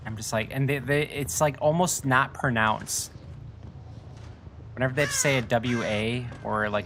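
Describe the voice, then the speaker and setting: A man's voice: mid-range voice, creaky, fairly bright tone. A young man with a Wisconsin accent chatting and laughing while streaming a game. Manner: rambling, laughs often. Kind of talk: casual chat while playing a game. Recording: noisy home mic.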